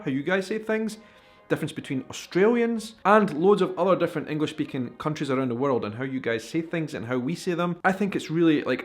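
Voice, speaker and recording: Chatty Scottish man, fairly high voice. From Scotland. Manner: chatty, animated, addresses viewers directly. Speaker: vlogger. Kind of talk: casual vlog explainer.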